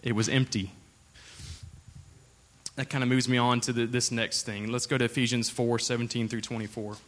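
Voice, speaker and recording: A man's voice: mid-range voice, flat delivery, moderate pace. A young man preaching an informal sermon, telling a personal story in an earnest, conversational way before reading scripture aloud.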